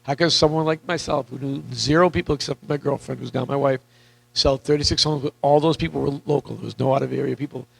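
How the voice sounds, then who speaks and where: A man coaching real estate agents in a live seminar, energetic and repetitive, questioning the audience, with a voice that is wearing out. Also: mid-range voice, fast talker, creaky, poor audio. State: losing his voice.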